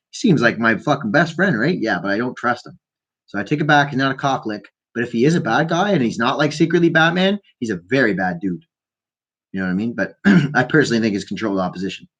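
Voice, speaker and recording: A man's voice: mid-range voice, fairly bright tone. Profane ranting male show host. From Canada. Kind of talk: rambling solo show monologue.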